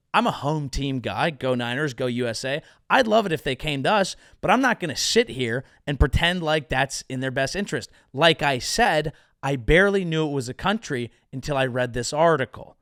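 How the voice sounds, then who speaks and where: A man's voice: on the high side, fairly bright tone, no room sound, clean studio sound. A young man from the Bay Area who hosts a comedy show, riffing on the news with wry, self-mocking asides. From San Francisco Bay Area, USA. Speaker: comedian host.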